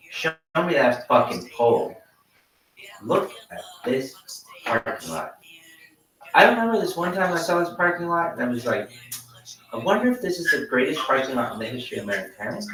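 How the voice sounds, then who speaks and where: A man's voice: fairly high pitch, a bit bright, roomy sound, recorded from a distance, rough recording. A young man doing over-the-top, profane, mock-grandiose hype commentary on a livestream.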